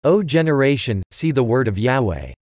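Male scripture reader, mid-pitched, measured delivery, dry close mic. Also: sing-song, a little mellow, no room sound. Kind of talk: scripted Bible reading.

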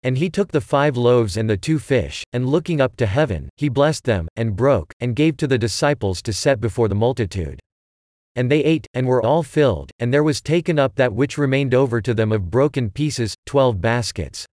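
A man's voice: medium pitch, animated, moderate pace, darkish tone, dry recording. Man reading scripture, dry close sound. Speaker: scripture reader.

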